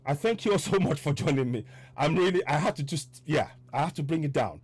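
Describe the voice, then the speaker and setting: A man's voice: a little high, expressive, brisk, husky, no room sound. Fired-up man on a podcast. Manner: fiery and worked up, then winding down softly. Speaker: activist podcast host. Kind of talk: impassioned political livestream talk.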